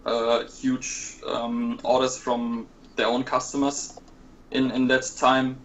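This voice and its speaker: A man talking in a casual podcast chat, measured and hesitant with frequent fillers, explaining plans for a keycap set. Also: medium pitch, a little hiss or hum, low-quality recording.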